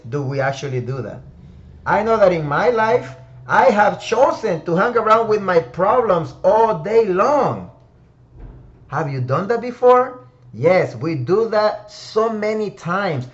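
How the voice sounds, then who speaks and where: Animated and a little slow, a high-voiced man hosts a word-of-the-week discussion room, offering reflective, emphatic encouragement to listeners he names directly. The audio sounds dull.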